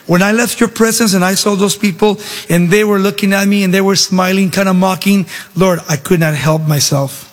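A man voicing Moses as a flustered, defensive old male leader making hurried, pleading excuses, in a hall with a long reverb. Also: sits high, steady tone, natural voice.

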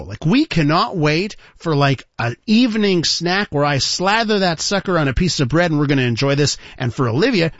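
A man hosting a talk radio show, telling a story in an animated way and calling listeners ladies and gentlemen. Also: sits high, no echo. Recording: dull lo-fi broadcast sound.

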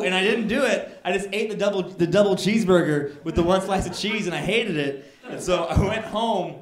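A man doing a stand-up comedy set, telling a long complaint story that builds to indignant shouting. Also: high-pitched, expressive, fast talker. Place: comedy club stage. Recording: echoey club with crowd laughter. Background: audience laughing.

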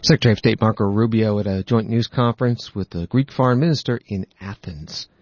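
A man hosting a news program, reading reports and quotes in a steady, matter-of-fact way. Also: on the low side, a little fast, no echo, lo-fi sound. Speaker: news podcast host.

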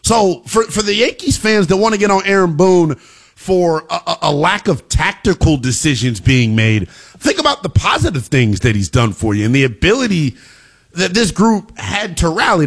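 A sports talk radio host with a fairly high voice delivers an emphatic monologue that rises to shouting at its peaks.

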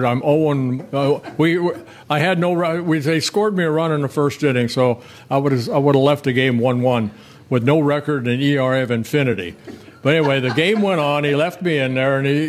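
An older man in an interview, telling rambling, folksy stories with many restarts. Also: medium pitch. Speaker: guest, former pitcher. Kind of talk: relaxed interview storytelling.

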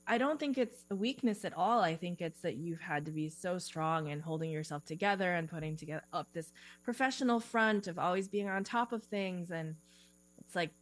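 A woman in a relaxed podcast interview, speaking as a career coach in a slightly low voice. She chats loosely with plenty of "like" and small giggles. A faint electrical hum runs under the recording. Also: a little fast, low-quality recording. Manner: chatty, lots of "like" and "you know", giggly.

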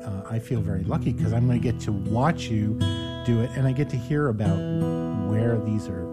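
A man in his sixties hosting a casual interview, speaking hesitantly with many pauses and restarts. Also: on the low side, over loud music. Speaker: host.

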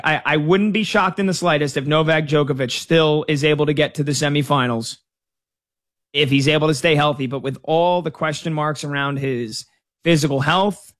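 A man working as a sports betting analyst talks casually and conversationally, leaning on fillers like "you know". His voice is a little high and a bit bright, with a steady tone and moderate pace.

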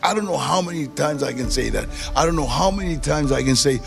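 A man in middle age telling a personal story in a casual, animated way, acting out the voices of people he quotes. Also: fairly high pitch, a little fast, vocal fry, over music. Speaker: guest storyteller.

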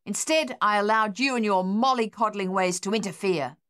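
A woman voicing a harsh, furious, domineering older husband who shouts and blusters, in an audiobook. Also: high-pitched, normal speed.

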